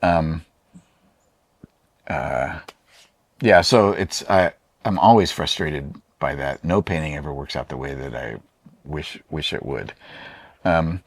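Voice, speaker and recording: A man's voice: low-pitched, no echo. A man, an artist being interviewed, talking casually in a rambling, hesitant way with many fillers and restarts. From Oregon, USA. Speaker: artist and painter.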